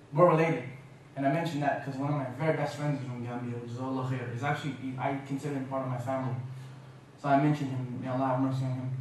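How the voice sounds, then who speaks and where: Canadian-raised man lecturing in an echoey hall. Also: a little high. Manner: lively, humorous, mimics accents. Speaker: guest speaker. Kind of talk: lecture with jokes. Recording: echoey hall, mic from a distance.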